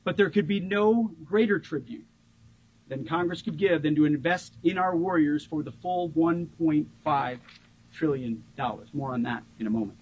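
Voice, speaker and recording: A government official in his forties gives a rousing ceremonial tribute speech in a fairly high voice, slowing down to stress key words. The sound is lo-fi with slight background noise.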